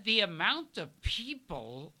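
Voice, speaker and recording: An older man, a guest on a talk show, telling anecdotes in a halting way and often repeating his words. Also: sits high, huge pitch swings, sharp tone. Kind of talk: casual storytelling chat.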